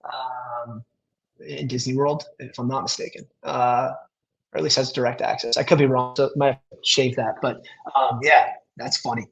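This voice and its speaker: A man talking as a guest on a podcast in an easygoing, rambling way. He fills his sentences with little fillers and restarts as he thinks aloud. His voice sits at an ordinary middle pitch. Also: little pitch movement, moderate pace, creaky, fairly bright tone, poor audio. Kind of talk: casual podcast chat.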